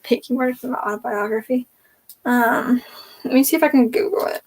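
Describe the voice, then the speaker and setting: In a room at home lined with bookshelves, a young booktube host chats casually on a livestream while sorting her shelves. Her voice is fairly high and a little mellow, and she talks fairly quickly, rambling and thinking aloud with many "likes" and "ums." The recording comes from a distant mic, with faint noise behind her.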